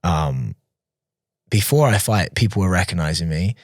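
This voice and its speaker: Podcast guest, a man with a lower voice, relaxed and chatty, often restarting sentences, recorded dry and close. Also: normal speed, dry recording. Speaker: podcast guest, professional fighter. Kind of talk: casual storytelling in an interview.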